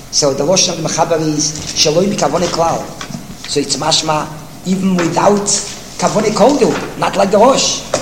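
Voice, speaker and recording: A man teaching a Talmudic text lesson, reading Hebrew passages aloud rapidly and then explaining them in English, often repeating words as he thinks. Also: fairly high pitch, echoey room, big-room sound, slight background noise, rough recording. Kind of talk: text study lecture.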